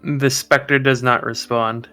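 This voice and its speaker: Young man, game master, bright tone, smooth clear voice, deliberate narration. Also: mid-range voice, little pitch movement, soft background music.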